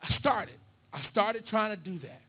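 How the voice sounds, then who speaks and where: A man's voice: high voice, normal speed, slightly rough, muffled recording. A man preaching a storytelling sermon, talking casually and with humor to his congregation in a church. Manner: conversational, humorous, addressing the congregation. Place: church sanctuary. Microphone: handheld or stand microphone.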